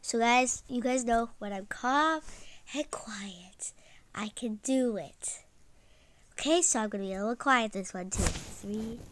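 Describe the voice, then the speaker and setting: Female gaming vlogger, high and very bright, unhurried delivery, frustrated outbursts and whispered asides. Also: slight background noise. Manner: frustrated, exclaiming, drops to whispers. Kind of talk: casual gameplay commentary.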